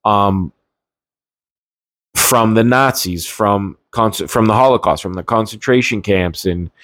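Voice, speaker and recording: A man's voice: lowish voice, slow, a bit bright, dry recording. A man giving a heated, indignant political rant in a casual, rambling way, often restarting his sentences. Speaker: political commentator.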